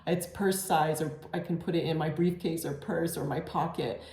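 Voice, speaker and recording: Low-voiced woman giving a tarot reading. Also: fairly even intonation, moderate pace. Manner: gentle, reassuring, many fillers and restarts. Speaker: tarot reader. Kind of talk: casual tarot reading to camera. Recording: echoey room.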